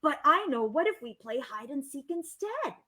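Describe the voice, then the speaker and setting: A woman voicing a gentle, tired and sick male zookeeper in a storybook, talking softly and slowly. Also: sits high, sing-song, exaggerated voice. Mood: apologetic.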